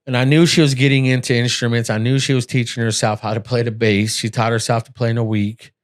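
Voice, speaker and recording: A man's voice: mid-range voice, little pitch movement, fast talker. A middle-aged man hosting a podcast, telling his own story in a candid, earnest, blunt and emotional way. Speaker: podcast host.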